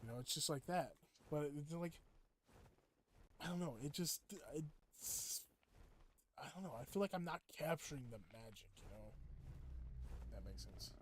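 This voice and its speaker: Chatty higher-voiced man streaming a game. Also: measured pace, long pauses, slight background noise. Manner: rambling, chatty, with excited outbursts. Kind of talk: casual gameplay chat with viewers.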